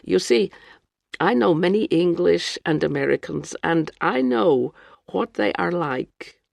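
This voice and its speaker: A reader voicing a worldly, grave Russian woman traveller who speaks in a calm, matter-of-fact way. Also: medium pitch, measured pace, vocal fry, dry recording, clean studio sound, exaggerated voice.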